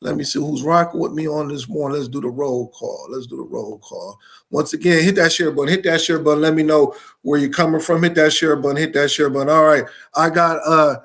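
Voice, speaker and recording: A man from Michigan hosting a live education stream, greeting viewers with energetic, repetitive shout-outs. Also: on the high side, brisk. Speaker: host of live education show.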